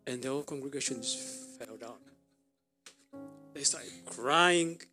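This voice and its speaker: Male preacher, storytelling sermon, halting restarts, faint music behind. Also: mid-range voice. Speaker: pastor.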